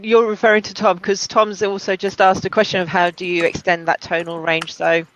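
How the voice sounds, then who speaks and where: A man with a high voice hosts the online session, chiming in with short remarks. The sound is slightly dull and lo-fi. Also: flat delivery, brisk, a bit bright, a little hiss or hum. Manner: brief, interjecting. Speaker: webinar host. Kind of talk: casual webinar chat.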